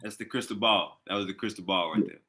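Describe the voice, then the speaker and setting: A man's voice: lowish voice, fast, sharp tone, slightly rough. A man in a casual chat, loose and joking with trash talk.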